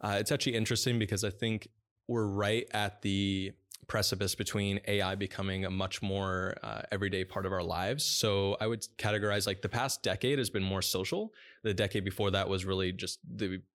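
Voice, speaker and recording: A man who runs a dog training business, explaining his app and technology in an interview in a fluent, explanatory way with frequent "uh" pauses. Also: deep voice, fairly even intonation, a bit bright.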